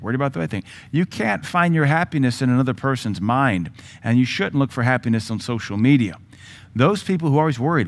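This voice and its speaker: A Southern American pastor preaching a sermon in a church. He drives his points home by repeating words, and his voice jumps up when he quotes someone. He talks at an ordinary pitch for a man. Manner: repetitive emphatic preaching, quotes with raised voice.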